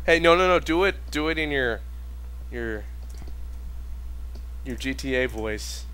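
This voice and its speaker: Slow, heckling young man. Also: mid-range voice, lively intonation, bright, forceful tone, clear, resonant tone, low-quality recording. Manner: heckling, silly interjections. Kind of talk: casual group banter.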